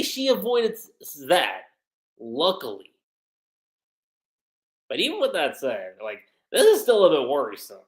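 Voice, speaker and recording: A man giving casual livestream commentary as a manga reviewer, chatty and animated. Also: sits high, moderate pace, long pauses, roomy sound. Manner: animated, chatty, frequent laughter and fillers.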